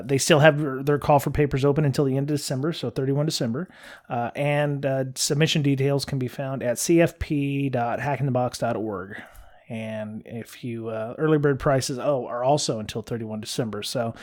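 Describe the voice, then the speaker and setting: A man's voice: medium pitch, a little mellow. A man hosting a casual group podcast, talking loosely with many fillers and restarts. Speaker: podcast host.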